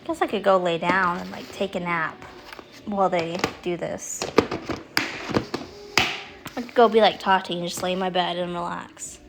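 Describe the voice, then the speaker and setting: A woman's voice: on the low side, steady tone, moderate pace, creaky, long pauses, noisy background. A young woman streaming live from home on her phone, chatting casually with frequent laughs and swearing. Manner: chatty, rambling, swears freely, laughs often. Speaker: livestream host. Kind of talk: casual chat.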